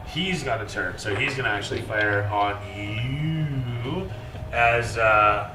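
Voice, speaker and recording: A man narrating as dungeon master in a casual way, swearing often and filling pauses with "uh". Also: mid-range voice, lively intonation. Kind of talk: narrating a tabletop game with shouted character voices. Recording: echoey room from far off, music behind.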